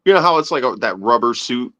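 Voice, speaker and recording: A man's voice: medium pitch, lively intonation, fast talker, sharp tone. A man in casual podcast banter who gripes and swears freely. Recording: dull lo-fi sound.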